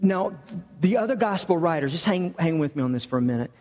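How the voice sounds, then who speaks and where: A man's voice: fairly high pitch, lively intonation, fast talker, a little mellow, soft background music. Man preaching in a reverberant hall. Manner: conversational storytelling, acts out quoted lines. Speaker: pastor. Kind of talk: sermon.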